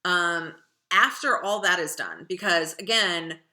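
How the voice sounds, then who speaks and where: Chatty woman teacher with a bright voice. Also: on the low side, unhurried. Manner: chatty, digressive, many fillers. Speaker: writing instructor. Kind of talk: casual lecture.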